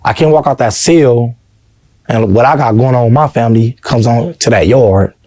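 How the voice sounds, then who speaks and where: An earnest man tells his story in a relaxed interview, constantly checking in with "you know what I'm saying." His voice is dark and mellow. It is recorded dry and close, with no room sound. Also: mid-range voice, normal speed, dry recording. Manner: earnest, heartfelt. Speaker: interview guest. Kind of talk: casual personal storytelling.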